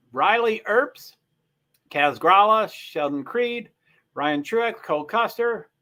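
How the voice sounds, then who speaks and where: Bright-voiced man chatting on a livestream. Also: high voice, lively intonation, extremely slow. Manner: chatty, thinking aloud, reads stats off screen. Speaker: livestream host. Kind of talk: casual livestream commentary.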